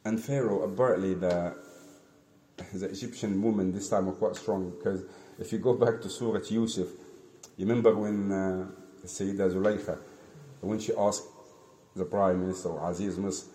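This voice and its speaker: Man, storytelling lesson, asks the class questions, mellow voice, roomy echo. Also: deep voice, fairly even intonation, normal speed, a little hiss or hum. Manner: asks the listeners questions, acts out quotes. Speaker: teacher. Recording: echoey room with faint ambience.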